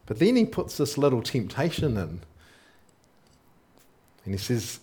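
A man preaching a sermon, explaining scripture in a conversational way with frequent rhetorical tag questions and animated readings. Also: medium pitch, a little slow, pauses often, a little hiss or hum.

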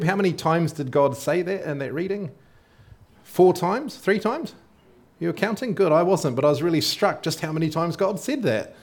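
A preacher gives a relaxed, talkative sermon, regularly checking in with the congregation through rhetorical questions. He thinks aloud in a loose, unscripted way, with small fillers and restarts, speaking at normal speed in a fairly high pitch.

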